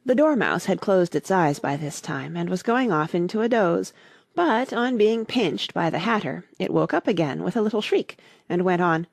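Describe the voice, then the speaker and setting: A woman narrating a classic children's story in a measured, expressive reading. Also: lowish voice, gravelly, no echo, clean studio sound. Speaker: audiobook reader.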